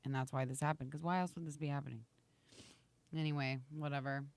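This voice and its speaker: Chatty woman co-host with a slight rasp. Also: low voice, steady tone, fast talker, no echo. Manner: chatty, reads viewer comments aloud, laughs often. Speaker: morning show co-host. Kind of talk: casual live-stream chat.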